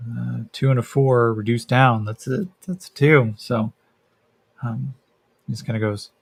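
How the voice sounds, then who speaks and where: Slow, husky game master narrating. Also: male voice, mid-range voice. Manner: hesitant, many fillers, descriptive. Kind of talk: narrating a solo tabletop game.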